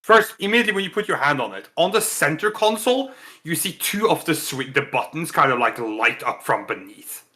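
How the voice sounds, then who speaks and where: A man's voice: on the high side, expressive, brisk, hardly any pauses, pushed and bright. A man narrating a tabletop role-playing game as game master, chatty and full of filler words.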